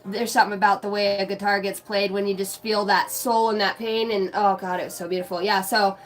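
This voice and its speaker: A woman's voice: medium pitch, little pitch movement, a little fast. A woman chatting casually on a live stream, brash and profane, laughing often.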